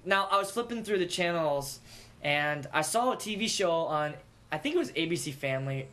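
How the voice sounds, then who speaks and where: Joking high-voiced young man hosting. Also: expressive, moderate pace, a bit bright. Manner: joking, teasing, many restarts. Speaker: podcast host. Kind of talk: casual podcast banter.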